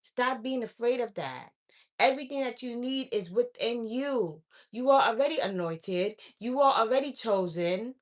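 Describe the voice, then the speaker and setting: A woman's voice: fairly high pitch, expressive, normal speed. A woman speaking straight to her viewers as an oracle reader, blunt and preachy, scolding them and repeating her points. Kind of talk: direct-to-camera spiritual message.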